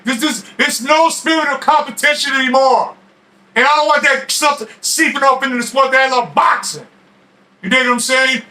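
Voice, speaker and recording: A middle-aged boxing expert talks straight to the camera in a fierce, shouting rant. His voice sits very high and cuts with a sharp, tense edge. He stammers over his own restarts and throws in streetwise slang. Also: low-quality recording. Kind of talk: ranting boxing talk to camera.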